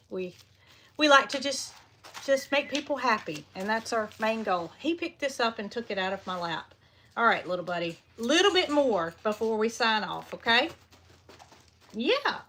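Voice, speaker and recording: A chatty, folksy woman talks on a live stream from a small indoor farm room. Her voice sits a little high and has a sharp, forceful brightness. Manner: chatty and folksy, often stops to coo at baby animals. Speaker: farm vlogger. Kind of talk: casual live-stream chat.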